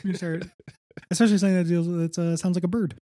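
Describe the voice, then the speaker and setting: A man's voice: high voice, steady tone, quick pace, mellow, no echo. A man co-hosting a comic book podcast, recapping issues in a wry, rambling casual chat with dry jokes.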